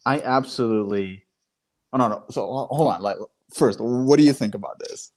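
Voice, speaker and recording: A male podcast host in casual conversation over a video call. He talks haltingly and often searches for words, in a voice of middle pitch. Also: a crowd in the background. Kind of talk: casual chat.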